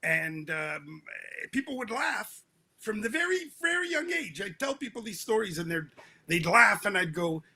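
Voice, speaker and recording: A man's voice: high voice, big pitch swings, moderate pace, sharp tone, husky. Joking male author guest. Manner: joking storyteller. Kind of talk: casual interview talk.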